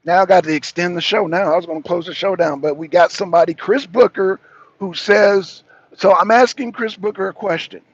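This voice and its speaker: Stream host, male, raised pitch with a raspy edge, keeps hammering his point and argues with chat. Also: brisk, no room sound, dull audio. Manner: emphatic, repeats himself, argues back. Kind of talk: livestream commentary answering chat.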